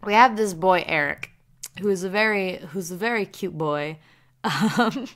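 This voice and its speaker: Fielding viewer questions in a relaxed Q&A, a Southern American woman talks at a moderate pace in a medium, fairly bright voice. Her answers are chatty and meandering, broken up by laughter between ideas.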